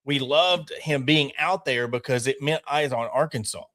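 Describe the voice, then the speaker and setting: Male co-host, casual sports show; opinionated, energetic, bursts of speed. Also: mid-range voice. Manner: animated and opinionated, quick bursts. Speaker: podcast co-host.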